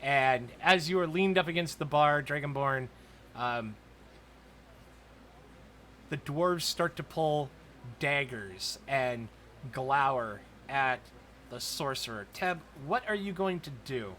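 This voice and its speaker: A man narrating a tabletop role-playing game as dungeon master, in a casual, halting way. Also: medium pitch, expressive, fairly bright tone, a little hiss or hum. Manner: casual, hesitant with fillers.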